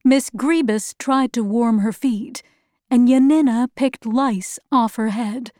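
A woman narrating a story in the first person, measured and plain. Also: fairly high pitch, mellow, dry recording, studio quality.

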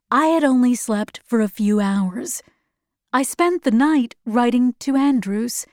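A woman narrating a story in a measured, even way. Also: fairly high pitch, no echo, studio quality.

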